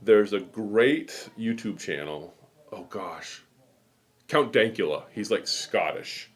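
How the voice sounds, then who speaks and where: A low-voiced middle-aged man from New England rambles his way through a casual live show. He chats loosely and keeps drifting off into stories. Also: expressive, slow pace, breathy edge. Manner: rambling, chatty storytelling. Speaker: host. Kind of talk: casual chat.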